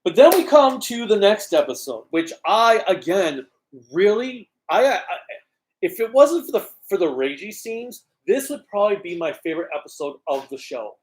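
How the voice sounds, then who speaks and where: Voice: mid-range voice, very animated, moderate pace. A co-host in casual chat, critical and insistent about a TV show's writing. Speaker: podcast co-host.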